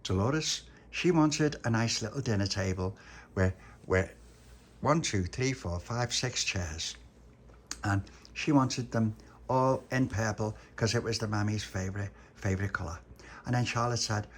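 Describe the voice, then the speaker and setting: A man's voice: on the low side, measured pace, a little hiss or hum. Man telling a rambling bedtime story. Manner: rambling, playful, restarts often. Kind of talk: improvised family bedtime story.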